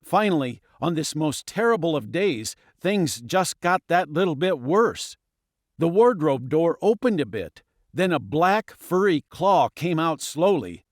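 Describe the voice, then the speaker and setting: Expressive male audiobook narrator. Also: fairly high pitch, unhurried, no echo, studio quality. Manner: expressive, dramatic. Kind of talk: scripted storybook narration.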